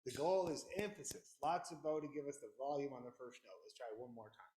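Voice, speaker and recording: A man leading a fiddle orchestra rehearsal, counting the players in loudly, singing rhythms aloud and joking as he teaches. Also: medium pitch, animated, brisk. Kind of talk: rehearsal instruction. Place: rehearsal room with fiddles playing. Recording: echoey room, loud fiddles behind.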